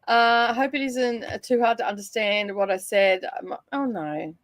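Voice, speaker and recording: A Scottish woman hosts a casual online reading chat, talking freely and laughing often. Her voice sits a little high, and the sound is close and dry, with no room to it. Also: moderate pace, no room sound. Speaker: livestream host.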